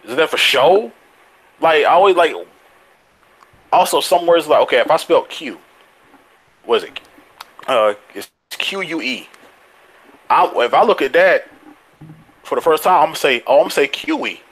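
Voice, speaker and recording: A man co-hosting a casual podcast chat, excitable and quick to laugh, swearing freely as he rants. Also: on the high side, poor audio. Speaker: podcast co-host.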